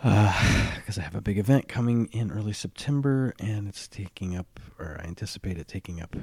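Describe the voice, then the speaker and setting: A man hosting a solo podcast in his groggy early morning voice, talking haltingly with many fillers and restarts. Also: on the low side, darkish tone, husky, dry recording. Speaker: podcast host.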